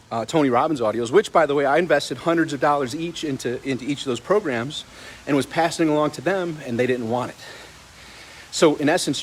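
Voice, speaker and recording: A man's voice: a little high, a little hiss or hum. A middle-aged man telling a story on a casual livestream during a morning walk, repeating words and greeting passersby. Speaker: motivational vlogger.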